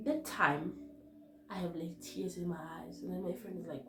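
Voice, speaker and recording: Soft-spoken South African woman vlogger. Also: fairly low pitch, steady tone, moderate pace, echoey room, background noise. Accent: South African, mixing in Zulu. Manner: hushed and subdued when recalling events, code-switching. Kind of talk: personal storytelling to camera.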